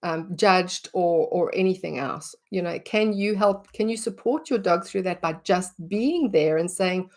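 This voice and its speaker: A woman's voice: fairly low pitch, measured pace, few pauses, a little mellow. A middle-aged woman, teaching about dog behaviour in a casual way and acting out what she would say. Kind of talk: conversational teaching talk.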